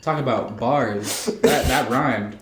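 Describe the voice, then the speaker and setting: A man's voice: mid-range voice, slow, a little hiss or hum. A young man co-hosting a podcast, joking around in casual chat at a friend's house. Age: young adult. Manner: goofy, playful banter. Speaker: podcast co-host. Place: co-host's house. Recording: echoey room.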